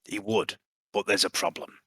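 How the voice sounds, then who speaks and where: A man playing a calculating prisoner who plots an escape with his brother, speaking in a Yorkshire accent with a hushed, breathy delivery. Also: fairly low pitch, steady tone, moderate pace, no room sound. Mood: scheming. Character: scheming male prisoner, calculating older brother. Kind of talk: tabletop role-play in character.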